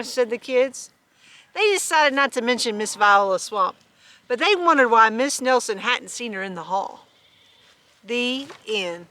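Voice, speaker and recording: A woman reading a children's storybook aloud, animated and chuckling with asides. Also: fairly high pitch, unhurried, dry recording. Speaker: storybook reader.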